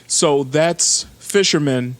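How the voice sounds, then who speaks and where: A man's voice: a little high, slow. A man co-hosting a casual podcast chat who jokes around and rambles with lots of "like" and "um.". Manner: joking, rambling, lots of fillers. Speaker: podcast co-host.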